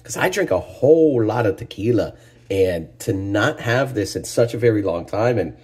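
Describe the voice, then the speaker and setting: Male vlog host, low and raspy, excitable and chatty while reviewing spirits on camera. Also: moderate pace. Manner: enthusiastic, exclaiming over aromas with frequent sighs and "oh my gosh". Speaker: tequila reviewer, channel host. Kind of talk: casual spirits tasting review.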